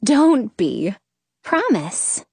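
A woman's voice: a little high, big pitch swings, drawn-out words, creaky, mellow, slightly rough, dry recording, full character voice. A woman voicing a playful young woman who loves books, speaking in a teasing, sing-song way in an audiobook reading.

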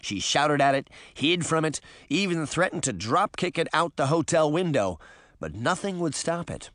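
Male narrator for a storybook, lively and expressive, dry close sound. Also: medium pitch, no echo. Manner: expressive, varied delivery. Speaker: audiobook narrator.

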